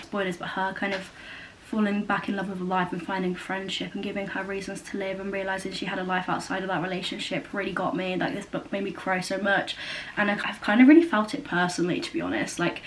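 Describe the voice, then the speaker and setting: A woman's voice: mid-range voice, fairly even intonation, quick pace, a little hiss or hum. A young woman chatting casually at home, rambling with lots of fillers and self-corrections. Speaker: book vlogger. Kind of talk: casual chat. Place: new house, indoors.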